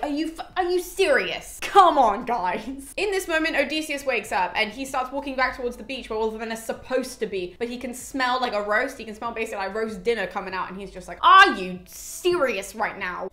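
A woman recaps a classic epic in chatty, casual talk, often sounding exasperated with its characters. Her voice sits a little high. The recording has a roomy echo. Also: fairly bright tone. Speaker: classics educator, host. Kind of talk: casual retelling of a myth.

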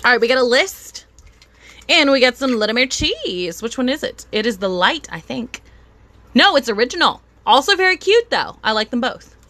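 An excitable, bubbly woman hosting a casual live stream from home, chatting to viewers and thanking them by name. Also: fairly high pitch, normal speed. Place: at home with a dog.

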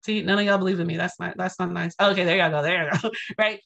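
A woman from Texas gives a lecture built around her own story, talking straight to a live audience. Her voice is bright and forward, and she acts out each quoted exchange with animation. She keeps checking in with the crowd as she goes. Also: on the low side, fairly even intonation, fast talker, creaky, lo-fi sound. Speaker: guest speaker.

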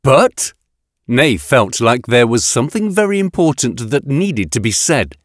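A man narrating a science-fiction audiobook in an expressive reading on a close studio mic. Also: mid-range voice, moderate pace, no room sound.

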